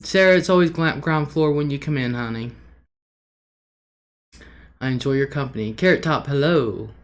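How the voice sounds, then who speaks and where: A woman's voice: very deep voice, moderate pace. A middle-aged woman hosting a casual livestream, chatty and homey, greeting viewers by name and laughing often. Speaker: livestream host.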